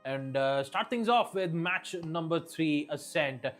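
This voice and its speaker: Brief: male analyst caster, slightly high voice, thinks aloud. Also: animated, a little slow, faint music behind. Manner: analytical, hesitant with fillers. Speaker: esports caster. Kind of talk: esports color commentary.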